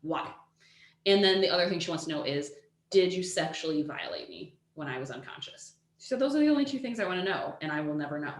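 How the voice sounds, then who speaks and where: A woman co-hosting a podcast, telling a true-crime story in casual chat, animated, with lots of "like" and the odd swear word. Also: fairly low pitch, fast talker, echoey room. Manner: animated, swears freely, says "like" a lot.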